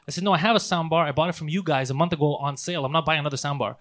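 A man telling a long story in casual podcast chat, swearing often and acting out the people in it. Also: fairly high pitch. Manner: fast, profane, animated storytelling. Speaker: podcast host.

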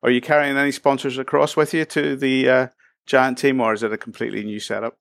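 A man's voice: mid-range voice, little pitch movement, fast, vocal fry, a bit bright, no room sound. Male podcast host, chatty and friendly, mid-range voice, dry close sound. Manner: chatty, laughs easily, friendly questioning. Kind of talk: casual podcast interview.

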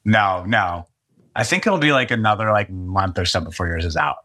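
A man in his forties guesting on a podcast in casual chat, earnest and quick to laugh. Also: sits low, expressive, bright, forceful tone.

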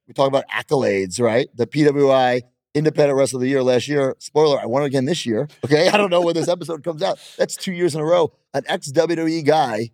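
A man's voice: fairly high pitch, quick pace, few pauses, darkish tone, no echo, studio quality. A man in his thirties, a professional wrestler, chatting in an interview in a brash, boastful way and laughing often. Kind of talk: casual interview chat.

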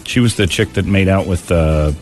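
A man's voice: deep voice, normal speed, a little mellow, soft background music. A man hosting a radio show, joking, laughing often and slipping into impressions. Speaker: radio host. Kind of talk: casual chat.

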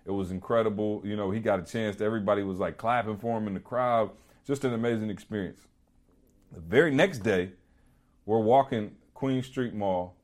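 A man with a fairly low speaking voice chats on a podcast, spinning a long anecdote. He talks casually and animatedly, with plenty of fillers along the way. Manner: animated, rambling with many "you know" and "like" fillers. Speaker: podcast co-host. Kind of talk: casual storytelling chat.

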